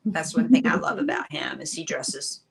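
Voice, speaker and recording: A woman in her sixties, a guest on an interview show, telling chatty, animated stories full of fillers. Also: low voice, moderate pace, gravelly, crowd noise. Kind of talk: casual storytelling interview.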